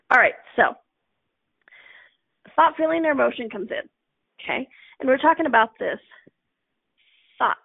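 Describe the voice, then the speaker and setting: A middle-aged woman talks through a casual self-help session, laughing often and slipping into little acted-out inner voices. Her voice sits a bit high with a gravelly edge. The sound is thin and phone-like, dry and close. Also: dry recording. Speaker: host. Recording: tinny phone-like audio.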